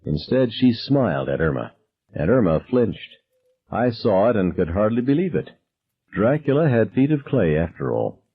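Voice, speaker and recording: A man reading a novel aloud as narrator, calm and measured, dropping low on dialogue tags. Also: breathy edge, dull audio. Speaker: audiobook narrator. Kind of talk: scripted narration.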